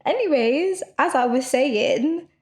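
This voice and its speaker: Loud, fast-talking young woman. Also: high-pitched, animated. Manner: loud, fast rambling with many fillers. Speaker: podcast co-host. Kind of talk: casual chat.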